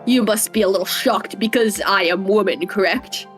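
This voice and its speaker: A woman voicing an arrogant young female prosecutor in a video game, attempting a poor German accent with slow, proud declarations. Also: medium pitch, a bit bright, faint music behind, lightly acted. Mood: haughty. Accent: poor imitation of a German accent.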